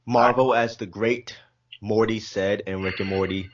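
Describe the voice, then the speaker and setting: A man's voice: on the low side, steady tone, measured pace, slight background noise. A young man co-hosting a podcast, talking casually in a blunt, sarcastic, joking way. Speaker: podcast co-host. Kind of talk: casual chat. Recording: dull lo-fi audio.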